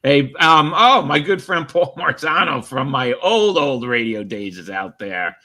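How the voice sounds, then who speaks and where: A man hosting a live baseball talk show, thanking the guest and making quick announcements. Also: mid-range voice, expressive, sharp tone. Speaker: host.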